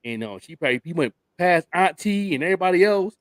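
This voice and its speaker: A man's voice: high voice, fast, dry recording. An older man and radio show host, telling stories in casual chat, laughing often. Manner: animated storyteller, laughing often.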